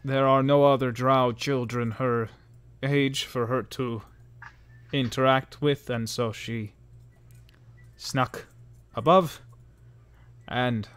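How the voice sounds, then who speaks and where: Casting: man playing a earnest male drow warrior, formal and courteous, measured and unhurried in delivery, with a mid-pitched voice. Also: steady tone, a bit bright, clear, resonant tone, no echo.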